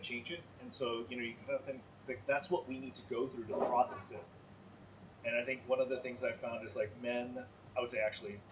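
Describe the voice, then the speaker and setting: A man speaking as a panelist in a panel discussion, talking in an earnest, conversational way with lots of "like.". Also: mid-range voice. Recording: far-off mic with faint noise.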